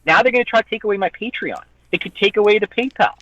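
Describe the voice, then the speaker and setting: Guest on a chat show: a high-voiced man venting with profanity, dull lo-fi dry recording. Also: fast talker, a bit bright, no room sound. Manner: heated, profane ranting with mocking quoted voices. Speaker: guest, online content creator. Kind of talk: casual podcast chat.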